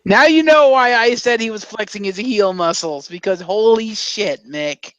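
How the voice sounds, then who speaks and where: A man's voice: sits high, moderate pace, dry recording. A man co-hosting a casual podcast, joking and reacting. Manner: joking, animated. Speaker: podcast co-host. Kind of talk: casual chat. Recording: dull lo-fi mic.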